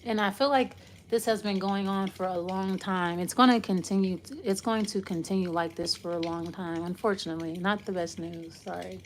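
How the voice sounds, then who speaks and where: A woman's voice: mid-range voice, fairly even intonation, moderate pace, hardly any pauses, a little hiss or hum. A woman giving a casual, loose tarot reading, rambling and trailing off as she talks it through. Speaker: tarot reader.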